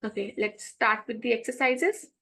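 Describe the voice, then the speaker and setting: A woman with a high voice teaches a French lesson. She explains each step patiently, saying French phrases slowly and then translating them. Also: fairly even intonation, vocal fry, fairly bright tone, low-quality recording. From India. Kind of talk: classroom explanation.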